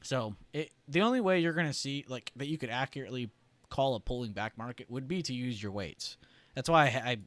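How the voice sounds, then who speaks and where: A man talking through a casual livestream in a loose, chatty way, leaning on "like" and "right?". His throat is irritated, and he keeps clearing it. The sound is dry and close, with mid-range pitch. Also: animated, brisk, fairly bright tone, dry recording. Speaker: trading stream host.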